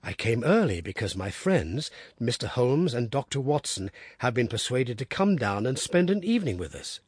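A man voicing a worried, tender middle-aged father in an audiobook, low and earnest. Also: big pitch swings, normal speed, breathy edge, no room sound, clean studio sound. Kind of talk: audiobook character reading.

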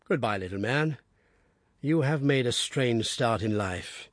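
A man voicing a composed, keen gentleman detective in an audiobook, measured and inquiring. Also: mid-range voice, expressive, no room sound, studio quality, natural voice. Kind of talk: audiobook character reading.

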